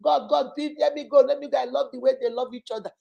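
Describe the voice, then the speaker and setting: A woman's voice: high voice, steady tone, fast, gravelly, dull audio, heavily acted. A woman voicing a newborn baby boy who pleads in short, repeated phrases. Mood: pleading. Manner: pleading, repetitive.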